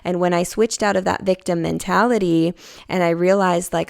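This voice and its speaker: A young woman hosting a personal self-help podcast, speaking in a low, smooth voice with a gravelly fry at the ends of phrases. She talks in a confiding, reflective way and leans on casual fillers like "like" and "you know". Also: steady tone, normal speed, a little mellow. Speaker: podcast host.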